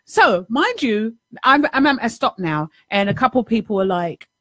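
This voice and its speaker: Animated New woman telling a story. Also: fairly high pitch, moderate pace, no echo, clean studio sound. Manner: animated storytelling, swears, acts out dialogue. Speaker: life coach and show host. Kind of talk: casual monologue.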